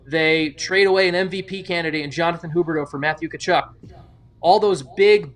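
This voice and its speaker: A man analyzing hockey trades on a podcast, animated and prone to restarts. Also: on the high side. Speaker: hockey reporter. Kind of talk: sports analysis discussion.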